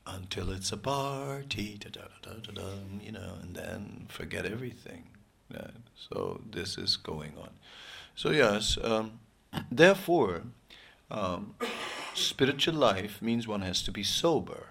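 A man giving an informal, rambling sermon, joking often and pausing with many fillers and restarts. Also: lowish voice, lively intonation, gravelly, fairly bright tone, slightly rough. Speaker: spiritual teacher.

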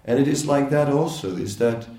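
A man giving an informal spiritual lecture, talking in a conversational, halting way with many fillers and laughing asides. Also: medium pitch, dark tone, recorded from a distance. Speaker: spiritual teacher. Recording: echoey room, voice from off-mic.

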